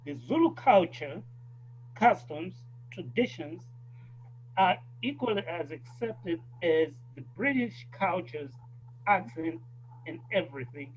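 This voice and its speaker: High-voiced South African man, lo-fi. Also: a little hiss or hum. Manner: thoughtful, emphatic. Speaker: guest. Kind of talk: casual conversation.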